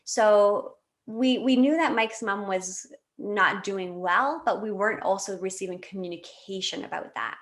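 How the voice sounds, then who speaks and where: A Canadian woman in her late thirties shares a personal story as a podcast guest, speaking a little slowly in a mid-range voice. The interview is casual, and she sounds animated and emotional, full of fillers and restarts.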